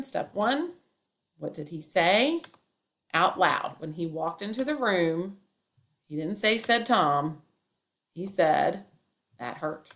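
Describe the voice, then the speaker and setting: A woman's voice: fairly low pitch, a bit bright. A woman teacher giving a classroom grammar lesson, explaining step by step and acting out example sentences with emphasis.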